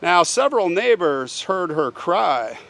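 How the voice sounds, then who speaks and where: A man's voice: high voice, very animated, measured pace, gravelly, a bit bright. A man hosting a show, retelling a true crime case in a casual, conversational way and often asking the listener "right?". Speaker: host, true crime storyteller.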